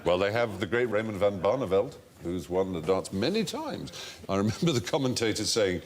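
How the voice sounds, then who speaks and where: A man's voice: lowish voice, fairly quick, a little hiss or hum. A man hosting a TV quiz show in a studio, telling anecdotes with relish. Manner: animated anecdotal, puts on voices for quotes. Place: TV studio before an audience.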